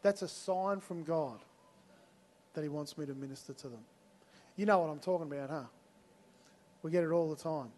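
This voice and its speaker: A man's voice: a little high, normal speed, long pauses, darkish tone. An Australian man preaching a sermon, telling personal stories in a conversational way and acting out both sides of the dialogue. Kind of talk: sermon storytelling.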